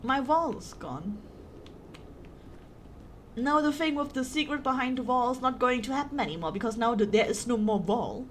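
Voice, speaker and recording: A woman's voice: high voice, normal speed, long pauses, slight background noise. A woman from Germany with a German accent, streaming a game with playful, giggly commentary and frequent swearing. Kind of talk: casual gaming commentary.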